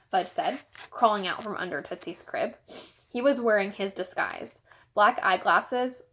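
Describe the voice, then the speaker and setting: A woman teacher reading a children's novel aloud with expressive, animated storytelling. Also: mid-range voice.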